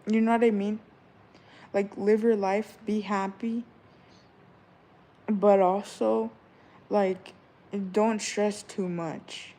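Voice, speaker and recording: A young woman in her twenties talks straight to her viewers in a relaxed, rambling vlog chat. She hands out advice and stories, looping back with "all right?" and "you know" as she goes. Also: mid-range voice, slow, pauses often. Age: 20s. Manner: chatty, repeats "all right?", loose and rambling. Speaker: vlogger. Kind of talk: casual chat giving advice.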